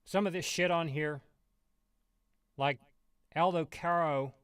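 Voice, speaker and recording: A man with a slightly high voice rants on a stream, swearing constantly and sarcastic as he rambles from one tangent to the next. The sound is dry and close, with no room around it. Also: steady tone, slow, fairly bright tone, clear, resonant tone, dry recording. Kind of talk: profane ranting commentary.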